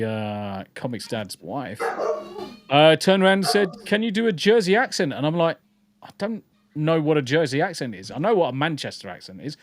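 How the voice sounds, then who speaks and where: A man's voice: mid-range voice, dry recording. A man hosting a casual podcast, reading the live chat and ranting bluntly with plenty of swearing. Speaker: podcast host.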